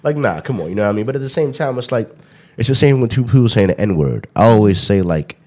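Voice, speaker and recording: A man's voice: lowish voice, fast talker, darkish tone. A man hosting a podcast in casual chat, rambling with frequent laughs and fillers. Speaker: podcast host.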